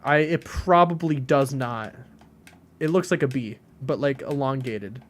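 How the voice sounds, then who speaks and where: A man's voice: mid-range voice, a little slow. A man streaming a game and chatting with his viewers in a rambling, casual way, full of filler words. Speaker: game streamer reading chat. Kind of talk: casual chat while playing.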